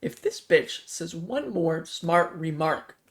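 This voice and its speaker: A man's voice: fairly high pitch, lively intonation, slow. A man voicing an irritable young male survivor in a zombie story, grumbling and sarcastic.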